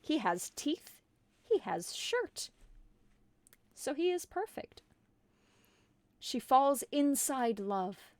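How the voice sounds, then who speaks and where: A woman streamer reading a silly holiday story aloud in a deadpan way. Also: high-pitched, very slow, long pauses, a little hiss or hum. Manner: deadpan, absurd.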